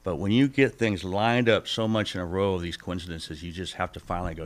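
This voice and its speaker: Middle-aged man, low voice, podcast guest, personal testimony, animated storyteller, loud bursts and hushed asides. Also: fast talker, hardly any pauses. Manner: animated storyteller who acts out the people he quotes.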